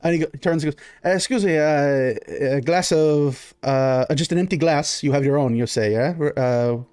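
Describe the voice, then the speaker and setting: A man voicing a fussy aristocratic baron who speaks in halting, broken English and ends his questions with "eh?". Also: a little high, a little mellow, smooth, no room sound, close to an everyday voice. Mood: hospitable. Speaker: game master. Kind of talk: tabletop role-play.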